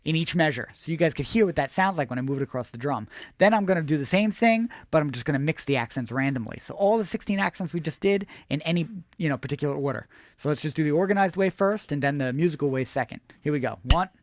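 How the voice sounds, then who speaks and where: A man's voice: a little high, lively intonation, fast, dry recording. A man hosting an online drum lesson, explaining exercises step by step in an upbeat way. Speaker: drum teacher.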